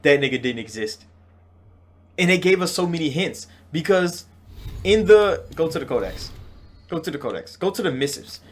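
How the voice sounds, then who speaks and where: Young male gaming host, slightly high-pitched, excitable and foul-mouthed, casual reaction rant with big swings in energy. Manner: excitable, profane, swings between loud outbursts and drawn-out slow stresses. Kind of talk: casual game reaction talk.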